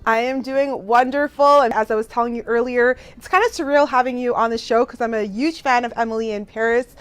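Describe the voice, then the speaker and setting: Upbeat woman host, fairly high voice. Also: fairly even intonation, fairly quick, clean tone, no echo. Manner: enthusiastic, affirming. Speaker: show host, interviewer. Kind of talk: interview questions.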